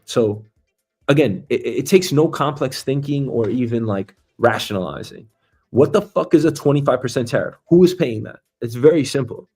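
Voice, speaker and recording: A man with a slightly mellow, husky voice hosts a casual livestream, rambling and swearing as he goes. He acts out little scenes using big pitch jumps and drawn-out words.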